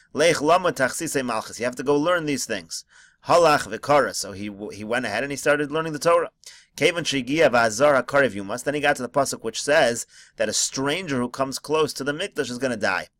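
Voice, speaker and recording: In a home study screencast, a Talmud teacher leads a text-study lesson, reading each phrase of the original and then rendering it in plain English. His mid-range voice has a fairly bright tone, and there's no echo.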